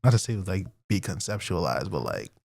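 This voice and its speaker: A man's voice: low voice, sing-song, normal speed, gravelly, darkish tone, breathy edge. A young man co-hosting a podcast in casual chat, rambling with lots of fillers and frequent laughs. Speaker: podcast co-host.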